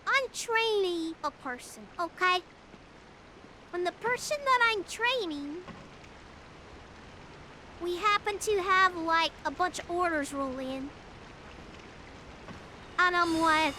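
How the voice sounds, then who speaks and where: A young woman streamer telling stories to her chat in a casual, animated, blunt and profane way that climbs toward yelling. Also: very high voice, takes it slowly, pauses often. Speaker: live streamer. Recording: clear background noise.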